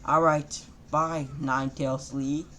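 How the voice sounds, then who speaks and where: A man doing a brash young ninja, rough and loud. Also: on the high side, little pitch movement, takes it slowly, slight background noise. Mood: shouting. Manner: shouty bursts, loose rhyming.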